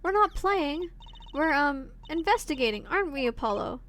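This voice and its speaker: A young woman voicing an excitable teenage girl magician who talks in a perky, bright-eyed way. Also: high voice, moderate pace, slight background noise.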